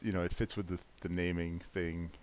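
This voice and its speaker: A man's voice: low-pitched, level tone, brisk, darkish tone, clear, resonant tone, no room sound. Laid-back man, dry close sound. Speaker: co-host. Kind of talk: casual chat.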